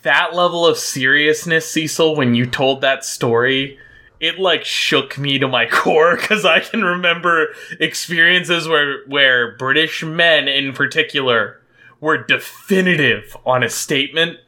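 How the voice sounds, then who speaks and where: A man with a notably high, bright voice, chatting on a group podcast. He gets excitable and breaks into laughter mid-sentence. His tone stays sharp and lively. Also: a little slow. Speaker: podcast co-host. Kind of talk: casual group chat.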